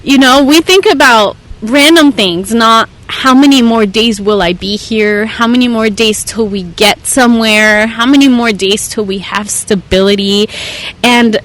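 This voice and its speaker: A woman's voice: a little slow, fairly bright tone, poor audio. Earnest young woman telling a story. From Southern California. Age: young adult. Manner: earnest storytelling, acts out quoted voices with raised pitch. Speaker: podcast guest, therapist. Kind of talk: casual podcast conversation.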